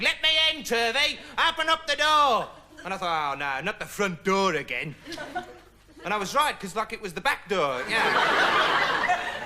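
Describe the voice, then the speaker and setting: A man's voice: sits high, heavy background noise. An actor playing a dim, rambling young male investigator, speaking earnestly through pointless asides in a studio comedy monologue. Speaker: comic character monologue.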